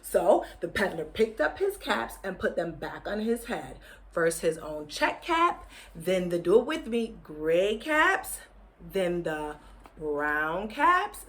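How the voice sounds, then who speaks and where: A woman teacher reading a picture book aloud to children, gently encouraging them to join in with movements. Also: mid-range voice. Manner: slow, gentle, encouraging, leading children in actions.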